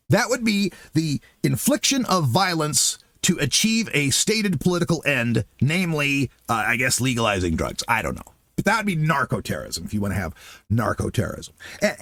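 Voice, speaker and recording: A man hosting his own political show rants with sarcastic disbelief. His fairly high voice swoops up and down with lively emphasis, and it sounds close and dry with almost no room sound. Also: normal speed, dry recording. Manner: sarcastic, incredulous, animated ranting. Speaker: political commentary show host.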